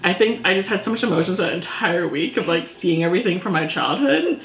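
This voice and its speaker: A woman hosting a casual chat, telling a story in an animated, giggly way. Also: on the low side, fairly quick, noisy background. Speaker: channel host. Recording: echoey room.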